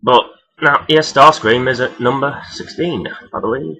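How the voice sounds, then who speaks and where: A man talking casually and rambling as he counts down his favourite characters, swearing freely and filling pauses with "um". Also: mid-range voice, bright, forceful tone, rough recording. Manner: rambling, profane, many fillers. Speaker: vlogger ranking toy robot characters. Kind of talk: casual unscripted countdown talk.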